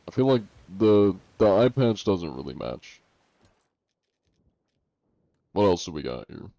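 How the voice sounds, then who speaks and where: Gravelly, deep-voiced male game streamer. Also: expressive, moderate pace, mellow, no room sound. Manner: laid-back, joking, reacts to chat. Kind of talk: casual live stream chat. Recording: dull lo-fi stream audio.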